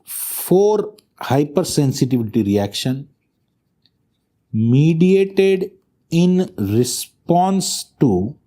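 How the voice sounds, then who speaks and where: A man's voice: on the high side, big pitch swings, extremely slow, warm tone. A man giving a medical lecture, stressing key terms and often checking in with his students. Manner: emphatic, keeps checking in with the class. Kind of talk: classroom lecture.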